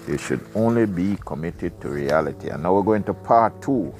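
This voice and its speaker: A man reads a book aloud for his podcast, often drifting into chatty side remarks. His voice sits very low and has a gravelly rasp. Faint music plays softly behind him. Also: animated, moderate pace, few pauses. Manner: rambling, chatty asides. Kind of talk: casual reading with side commentary.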